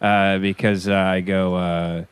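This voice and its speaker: A man's voice: sits low, a little slow, smooth. A man co-hosting a comedy podcast, telling crude stand-up stories in casual banter. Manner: animated storytelling, crude jokes.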